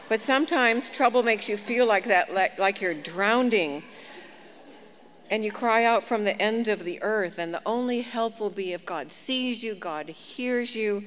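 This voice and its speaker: A woman preaching a sermon, telling a personal story with lively, self-mocking humor. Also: medium pitch, measured pace. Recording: long hall reverb, faint background noise.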